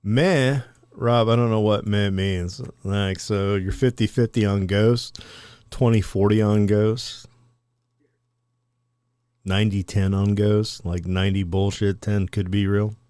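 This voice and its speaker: A man co-hosting a podcast, telling stories in a loose, animated, profane way and acting out quotes. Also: fairly low pitch, takes it slowly, clean tone, no room sound. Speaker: podcast co-host. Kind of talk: casual storytelling chat.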